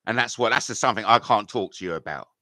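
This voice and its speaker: A man's voice: fairly low pitch, fast, sharp tone, no room sound, studio quality. A middle-aged man, live-streaming and reading out chat comments in a combative, rambling way full of swearing.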